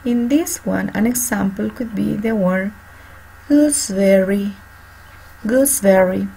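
Teacher lady, gravelly voice, slow careful explaining, faint hiss behind. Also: mid-range voice, fairly even intonation, mellow, low-quality recording. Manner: slow, repeats and spells out words for students. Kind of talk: online class instruction. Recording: faint background noise.

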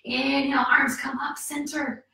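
A woman's voice: sits high, flat delivery, measured pace, creaky, sharp tone. A woman teaching a yoga class for kids, coaxing and cheerful, counting moves aloud and a little out of breath. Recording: echoey room, voice from far off.

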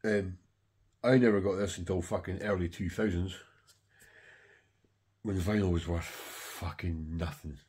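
Middle-aged male record collector, low and very raspy, profane rambling chat to camera. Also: fairly even intonation, measured pace, long pauses, darkish tone. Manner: heavy swearing, rambling and enthusiastic.

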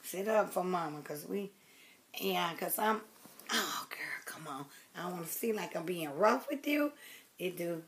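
A woman chatting casually to her viewers about her baby doll in a rambling, affectionate way, often dropping to soft murmurs as she works. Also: fairly low pitch, lively intonation, a little slow. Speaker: doll collector vlogger. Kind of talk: casual chat to camera.

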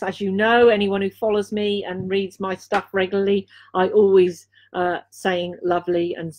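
Earnest woman giving an intuitive reading. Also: mid-range voice. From Dorset, England. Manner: earnest, repeats key phrases, frequent filler pauses. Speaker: intuitive reader and healer. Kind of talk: live intuitive card reading.

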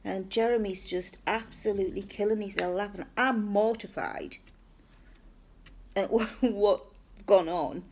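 A woman's voice: measured pace, slight background noise. A woman telling a funny personal story in a casual, self-mocking way. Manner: chatty, self-mocking, acts out her own high cheery replies.

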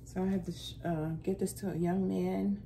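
A woman's voice: moderate pace, gravelly, a little hiss or hum. A middle-aged woman, chatting casually in a haul vlog and saying "y'all" often. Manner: chatty, keeps saying "y'all", pitch jumps high when excited. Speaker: vlogger.

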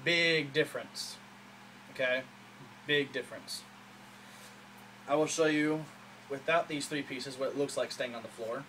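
A man in a casual show-and-tell vlog, talking excitedly with lots of fillers in a small room at home. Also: mid-range voice, a little fast, a little hiss or hum, poor audio. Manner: rambling, enthusiastic, many fillers. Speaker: hobbyist showing a custom saber.

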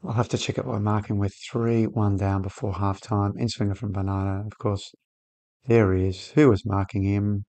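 A man's voice: lowish voice, moderate pace. A man hosting a football management game video, chatting casually and getting worked up at the match on screen. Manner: excitable, shouts at players on screen. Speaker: gaming channel host. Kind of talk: casual gameplay commentary.

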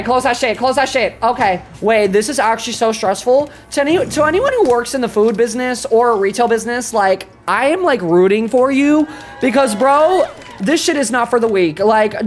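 A woman streaming a cooking game, excitable and foul-mouthed, talking to her chat and flaring into loud exclamations when flustered. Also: on the high side. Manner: excitable, swears a lot, talks to chat. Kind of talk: live gameplay commentary.

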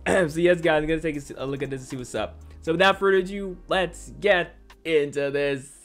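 A man from the Caribbean hosting a reaction channel, talking in a casual, excitable and apologetic way, often stammering and repeating himself. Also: on the high side, a little fast, soft background music. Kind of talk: casual music reaction commentary.

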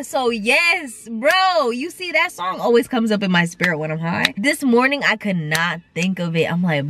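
A woman's voice: fairly high pitch, normal speed, hardly any pauses, a little hiss or hum. A young woman, chatting casually to camera and telling stories full of quoted voices. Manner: animated storytelling with quoted voices and laughs. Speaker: vlogger.

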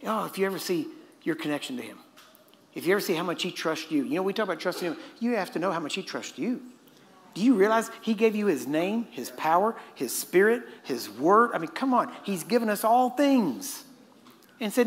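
A man's voice: sits high, sing-song, a little fast. A middle-aged man preaching a sermon in a conversational way, often asking his listeners "Amen?" and acting out the voices he quotes. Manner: acts out quoted voices and chuckles mid-point.

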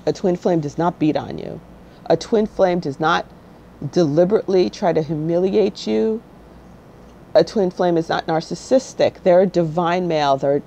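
Her voice sits on the low side, creaky and a little mellow, at normal speed, as she hosts her spiritual channel and speaks directly to viewers, no-nonsense and blunt, checking in with "okay?" often. The audio is dull, with slight background noise.

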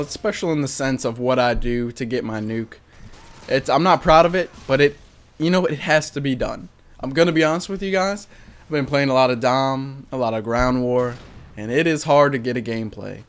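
A young man talks over his gameplay footage in a relaxed, offhand voice-over. His voice sits at an everyday middle pitch. He swears freely, jokes and pokes fun at himself as he narrates. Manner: candid, profane, joking, self-mocking. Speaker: gaming commentator. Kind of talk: casual voice-over commentary on gameplay.

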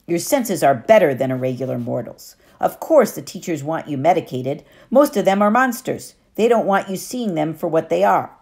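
A woman narrator plays a clever, self-assured teenage girl in an audiobook. She explains with patient certainty and lively, rising pitch. Her tone stays low-set and even. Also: normal speed, few pauses. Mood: knowing. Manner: knowing and explanatory.

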